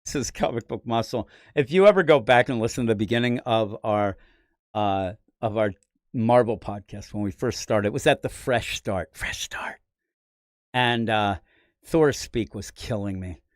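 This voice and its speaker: A man hosting a podcast, talking casually about comics in an animated, rambling way with frequent laughs. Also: on the low side, moderate pace, dry recording, studio quality. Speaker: podcast host. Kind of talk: casual comic book chat.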